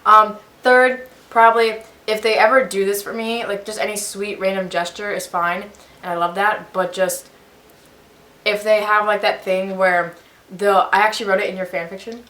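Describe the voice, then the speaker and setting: Goofy young woman, bright voice. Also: mid-range voice, steady tone, moderate pace, roomy sound. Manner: goofy, blunt, jokey. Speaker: guest friend. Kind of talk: casual chat with a friend. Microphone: camera on tripod.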